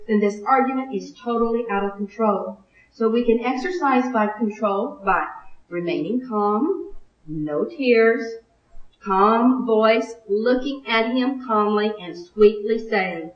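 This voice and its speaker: An older woman teaching a Bible class, practical and earnest, rehearsing phrases out loud. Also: fairly high pitch, a little slow, distant mic. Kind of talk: recorded Bible class lesson. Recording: muffled, echoey room from afar.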